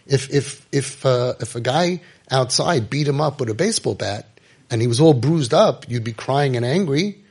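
A middle-aged man telling a story and giving advice, emphatic, repeating phrases and dropping to quiet intensity. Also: mid-range voice, lively intonation, moderate pace, husky. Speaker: rabbi giving parenting advice. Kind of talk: impassioned storytelling talk.

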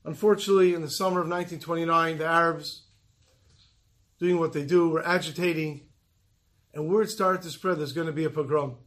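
Male preacher, earnest storytelling sermon, slightly high voice, slows for weight. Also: fairly bright tone.

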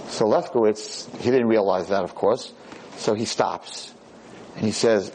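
A man's voice: on the low side, unhurried, a little mellow, a little hiss or hum, poor audio. A man lecturing, telling a story in a casual, conversational way.

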